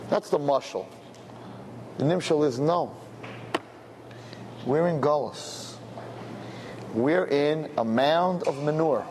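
Male rabbi, lively storytelling sermon, raised pitch, hall echo with faint noise. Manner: animated storyteller, sprinkles Yiddish words.

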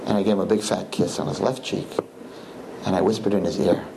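A man, a rabbi, telling his students a story in an animated, repetitive way, with Hebrew and Yiddish words mixed in. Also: sits low, brisk, vocal fry, background noise. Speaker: rabbi teaching a class.

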